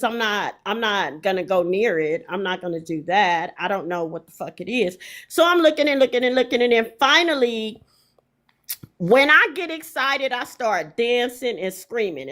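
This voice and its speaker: A middle-aged woman telling a story in an animated, profane way, full of emphatic repetition. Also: a little high.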